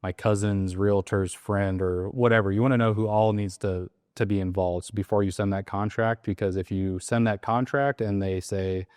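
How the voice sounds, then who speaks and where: A man with a low-pitched voice explains a sales process in relaxed, casual chat. He slips into short acted-out lines from phone calls with sellers as he goes. The sound is dry and close, with no room echo. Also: normal speed, hardly any pauses. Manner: acts out sales call lines in quotes. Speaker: real estate wholesaling coach.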